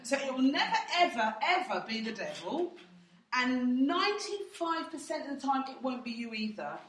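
Bright-voiced woman teaching in an echoey room. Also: high-pitched, big pitch swings, moderate pace, distant mic, slight background noise. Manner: direct, anecdotal, acts out quotes. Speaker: church training leader. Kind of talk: teaching with personal stories.

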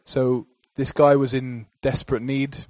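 A male pastor delivering a sermon in a rhythmic, repetitive cadence that builds to forceful declarations. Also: mid-range voice, flat delivery, unhurried, no room sound.

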